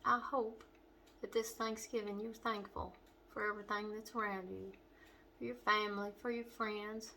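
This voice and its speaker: A middle-aged woman with a western Kentucky accent, hosting a home cooking demonstration in her kitchen and chatting warmly to the viewer. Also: mid-range voice, little pitch movement, normal speed, slight background noise. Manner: homey and chatty, talking straight to the viewer. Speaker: cooking show host.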